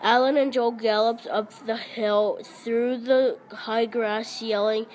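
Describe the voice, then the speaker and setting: A woman reading a children's story aloud in a measured way. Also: a little high, steady tone, darkish tone, a little hiss or hum, poor audio. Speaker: reader.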